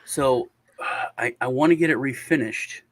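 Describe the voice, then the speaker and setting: A man's voice: medium pitch, a little slow, a bit bright. A man hosting a show, telling a long story in casual chat over a video call, with lots of restarts and sighs. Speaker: show host.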